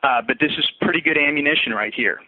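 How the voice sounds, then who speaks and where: A fitness business coach talks trainees through a sales script in this recorded, conversational training session, frequently restarting and repeating words. He speaks fast in a husky, slightly high voice, captured in dry, tinny, phone-like audio.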